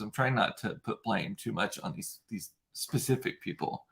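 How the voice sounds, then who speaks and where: A man's voice: on the low side, normal speed, gravelly, few pauses, a bit bright. A man in his thirties chatting casually to the camera at home, with wry, sarcastic asides. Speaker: vlogger. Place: at home, indoors.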